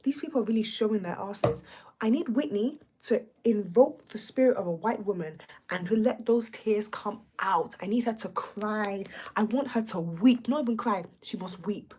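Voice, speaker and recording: A woman's voice: mid-range voice, normal speed, slightly rough. A young woman hosting a livestream, ranting sassily about a reality show. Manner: animated, sassy, ranting. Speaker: livestream host. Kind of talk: reality show reaction rant.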